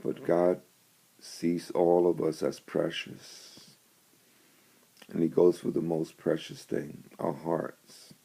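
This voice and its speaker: A man telling a story and then preaching on scripture, in a slow and deliberate way. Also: deep voice, level tone, creaky, warm tone, breathy edge. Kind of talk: storytelling devotional.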